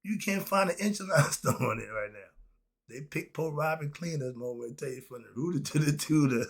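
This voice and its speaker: A man lecturing on history with passion and speaking. He swings between loud outbursts and low asides and laughs often. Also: lively intonation, a little fast, breathy edge.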